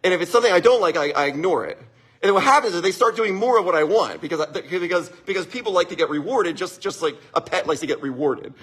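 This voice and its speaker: A man's voice: high voice, animated, fast, a bit bright, slightly rough. A man hosting a live stream and giving casual marriage advice. He talks animatedly, chuckles often and keeps checking in with his listeners.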